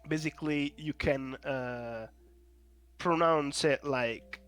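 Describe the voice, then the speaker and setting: A man's voice: on the high side, slow, fairly bright tone, clear, resonant tone, faint music behind. A man running a tabletop game as game master, describing scenes hesitantly with fillers and restarts over an online call.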